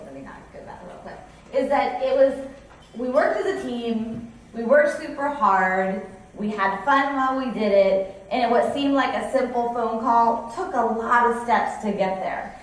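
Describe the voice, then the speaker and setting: In an echoey conference hall, picked up by a distant mic with slight background noise, a company president in her forties from California gives a keynote. Her voice is a little high, and she tells stories chattily, with restarts.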